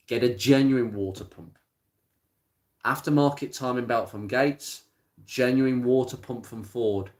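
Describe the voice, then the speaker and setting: A man chatting casually on a live stream about car parts, plain-spoken and rambling, with many pauses and restarts. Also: lowish voice. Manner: rattles off blunt practical advice. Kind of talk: casual live-stream chat answering viewer comments. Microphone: smartphone.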